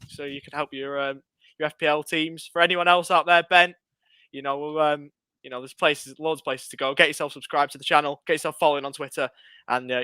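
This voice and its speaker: A man's voice: a little high, pushed and bright, smooth, no room sound. A man co-hosting a casual podcast panel, cheeky and jokey, plugging the show. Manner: cheeky, jokey, rambling plugs. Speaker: podcast co-host.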